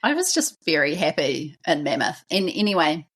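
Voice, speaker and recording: Husky-voiced woman telling her story. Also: sits low, sing-song, moderate pace, fairly bright tone. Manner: casual, reflective, uses "like" and "actually" often. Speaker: podcast host. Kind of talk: personal storytelling podcast.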